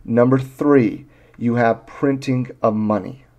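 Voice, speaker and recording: A man's voice: medium pitch, steady tone, slow, a little mellow, lo-fi sound. A man hosting a casual finance podcast, joking with his co-hosts and reading quotes aloud. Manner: jokey, reads quotes aloud. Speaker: podcast host.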